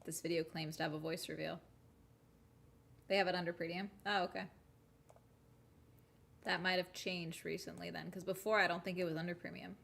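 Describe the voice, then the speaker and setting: A woman streamer chatting casually to viewers while reacting to a video, full of quick asides. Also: fairly low pitch, flat delivery, creaky, fairly bright tone, slight background noise. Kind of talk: casual chat.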